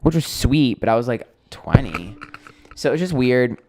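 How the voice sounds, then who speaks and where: A man's voice: mid-range voice, quick pace, darkish tone, a little hiss or hum. A young man who reads tarot, rambling through a story in casual chat, swearing freely and sounding exasperated. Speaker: tarot reader and streamer.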